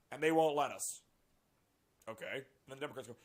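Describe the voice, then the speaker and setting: A man reading a news article aloud and reacting to it with sarcastic, profane commentary and animated outbursts. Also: a little high, moderate pace, pauses often. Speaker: political commentary vlogger.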